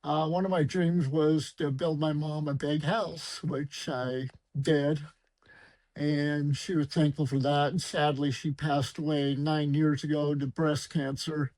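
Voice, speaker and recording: A man's voice: on the high side, level tone, unhurried, a little mellow, no room sound, poor audio. A middle-aged man, a podcast guest, telling his life story casually with plenty of "you know" fillers. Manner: conversational, with fillers.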